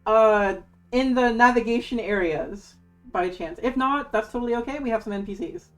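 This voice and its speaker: A woman game master running a tabletop game on stream, excitable and casual, cursing freely. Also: fairly high pitch, moderate pace, soft background music.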